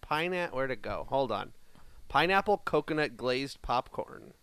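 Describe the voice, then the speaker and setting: A man co-hosting a casual podcast, joking and rambling in an animated way. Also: medium pitch, a little slow, a crowd in the background. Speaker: podcast co-host. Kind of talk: casual chat.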